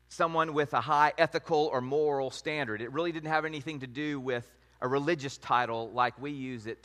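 A man teaching a sermon in a measured way, reading scripture passages aloud. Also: medium pitch, a bit bright. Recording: long hall reverb.

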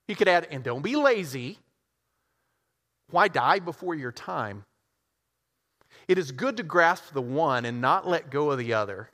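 A man preaching a sermon, telling a story and acting out its characters with lively swings in his voice. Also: unhurried. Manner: animated, acts out characters with big pitch swings. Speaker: pastor. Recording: long hall reverb.

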